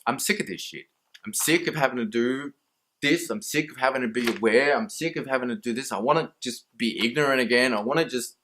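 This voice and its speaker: Australian man, mid-pitched, unscripted vlog rant, blunt, profane, self-mocking. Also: a little fast, a bit bright. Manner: rambling, swears freely, laughs at himself. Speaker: mental health vlogger. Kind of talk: candid casual monologue.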